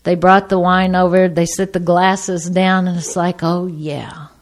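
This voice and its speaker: A middle-aged woman giving a personal testimony to an audience, a lively storyteller who acts out the people in her story. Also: lowish voice, a little slow. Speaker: speaker sharing her recovery story.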